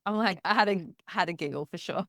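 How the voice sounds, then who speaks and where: A woman, hosting a podcast interview in a relaxed, amused, chatty way. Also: lowish voice, fairly quick, no echo, studio quality. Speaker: podcast host. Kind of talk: casual interview chat.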